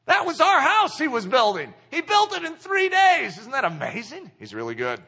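A man preaching a sermon, animated and full of rhetorical questions, acting out inner voices. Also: extremely high pitch, moderate pace, creaky. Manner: acts out inner voices in quotes.

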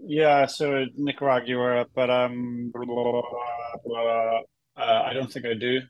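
A man's voice: mid-range voice, unhurried, no room sound, dull audio. A man from Wales, a guest in a casual interview, telling stories in a chatty, joking way. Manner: chatty, jokey, animated storytelling.

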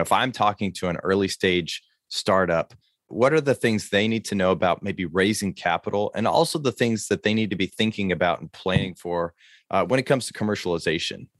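A man's voice: sits low, no echo. A man hosting a podcast, talking in a friendly, chatty way and introducing his guest. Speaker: podcast host. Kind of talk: casual podcast interview.

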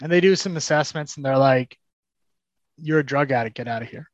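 A man's voice: medium pitch, fairly quick, no echo, muffled recording. A young adult man, a podcast guest, telling a personal story and acting out the dialogue, with frequent restarts. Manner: animated, acts out quoted dialogue, frequent restarts.

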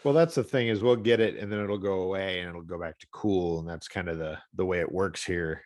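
A man's voice: deep voice, fairly even intonation, brisk, darkish tone, no room sound. A man in his forties, congested from allergies, co-hosting a podcast in casual, rambling chat. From US Pacific Northwest. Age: 40s. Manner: rambling, repeats himself. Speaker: podcast co-host.

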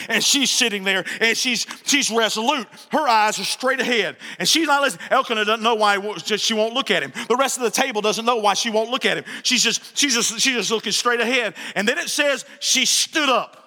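A man's voice: very high voice, lively intonation, a little fast, hardly any pauses, bright, forceful tone, in a large hall. A man preaching a sermon as pastor, telling stories animatedly, joking and repeating phrases for emphasis.

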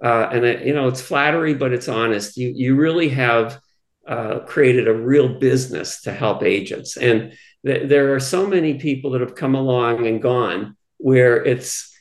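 A man's voice: mid-range voice, moderate pace. A man speaking as a guest on a podcast, chatty and self-deprecating, often restarting his sentences. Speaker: guest, real estate brokerage co-founder. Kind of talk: casual interview chat. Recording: roomy echo.

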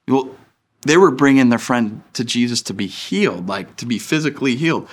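A man's voice: mid-range voice, lively intonation, moderate pace. A man in his thirties preaching a sermon as pastor, in a casual, chatty way that acts out the people he quotes.

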